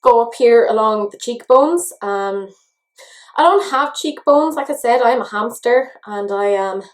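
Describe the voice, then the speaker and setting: Irish woman vlogger, slightly high voice, self-mocking casual makeup chat. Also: lively intonation, unhurried. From Ireland. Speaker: beauty vlogger.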